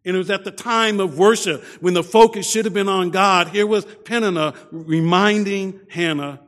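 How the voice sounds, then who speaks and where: A man preaching a sermon, often repeating his first words and dropping to a soft voice for emphasis. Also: high voice, moderate pace, few pauses, long reverb tail. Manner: repeats words at starts, soft dramatic drops.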